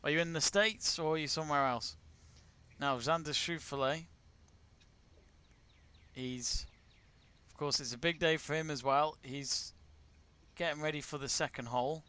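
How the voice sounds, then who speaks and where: A man's voice: on the high side, fairly even intonation, moderate pace, pauses often, pushed and bright, clear, resonant tone. A man from England hosting a live golf watch-along, chatting casually, greeting viewers and reading out their messages. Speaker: watch-along stream host.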